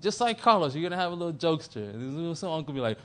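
Young male youth teacher, lively swooping delivery, slightly high voice, playful. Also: fast talker. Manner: animated, joking, breaks into sung and mimicked bits. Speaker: youth bible study leader.

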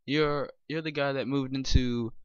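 A man's voice: mid-range voice, fairly even intonation, measured pace, clear, resonant tone, no room sound, muffled recording, natural voice. A man voicing a woman neighbor in a game, curt and defensive after being woken at night. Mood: annoyed.

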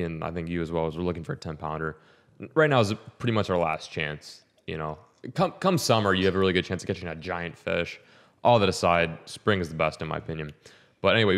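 Profane ranting young man. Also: sits low. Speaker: podcast co-host. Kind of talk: casual chat.

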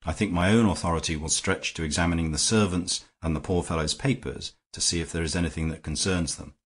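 A man's voice: deep voice, fairly even intonation, quick pace, husky. A man voicing an abrupt, hard-eyed lawyer. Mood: brisk, hard. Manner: articulate, abrupt, rigorous. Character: brisk, hard-eyed middle-aged lawyer.

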